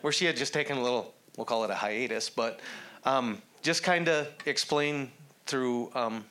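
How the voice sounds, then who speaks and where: A man's voice: medium pitch, moderate pace, sharp tone. A man sharing a church testimony alongside his wife, speaking in a plain, earnest way. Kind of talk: spoken testimony.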